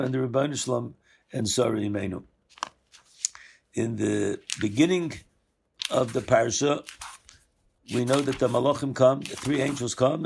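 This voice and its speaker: Gravelly-voiced man teaching Torah. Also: medium pitch, darkish tone. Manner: discursive, self-correcting, acts out quoted lines. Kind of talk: weekly Torah lesson.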